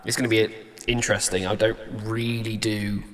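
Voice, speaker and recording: A man's voice: on the low side, level tone, moderate pace, a bit bright, long reverb tail. A male singer-songwriter chatting casually as he reacts to a song and tests vocal ideas at a studio mic. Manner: thinks aloud, trying out vocal ideas.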